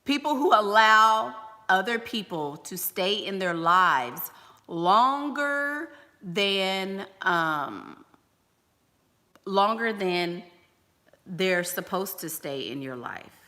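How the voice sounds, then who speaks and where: Woman, life coach, livestream advice, emphatic, blunt, bright voice, long reverb. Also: mid-range voice, expressive, drawn-out words. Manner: emphatic and blunt, with rhetorical questions.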